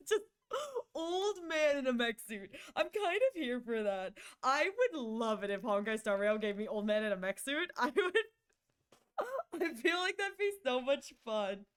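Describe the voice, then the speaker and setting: A woman's voice: high voice, sing-song, measured pace, clean tone. A woman streamer chatting casually and playfully with her viewers, rambling, giggling and restarting her words.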